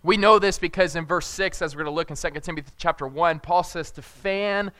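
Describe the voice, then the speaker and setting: A young man preaching a casual sermon, telling rambling, jokey family stories and loudly acting out moments of panic. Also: a little high, fairly quick, dry recording. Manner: jokey, rambling storyteller who shouts acted-out panic. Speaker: pastor.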